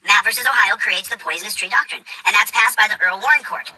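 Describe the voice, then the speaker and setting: Male commentator, rapid repetitive ranting, bright, raspy tone. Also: high-pitched, rough recording. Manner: fast, repetitive, emphatic ranting. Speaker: video commentator.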